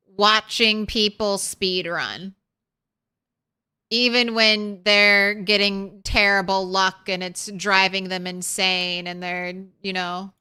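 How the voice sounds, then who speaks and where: A young woman chatting on a game stream in an unhurried way. Her voice is bright and smooth, a little higher than most. She rambles casually and coos at her cat. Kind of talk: casual live-stream chat.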